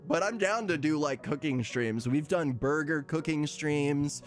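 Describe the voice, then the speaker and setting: A man's voice: a little high, measured pace, faint music behind. A man streaming casually, chatting with his viewers, laughing often and reading out their messages. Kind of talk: casual live-stream chat.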